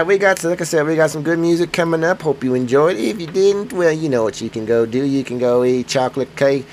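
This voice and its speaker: A man's voice: medium pitch, a little hiss or hum. A man with a cold hosting a podcast in a loose, rambling, joking way, full of self-mocking asides. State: sick with a cold. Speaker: podcast host. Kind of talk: casual rambling podcast chat.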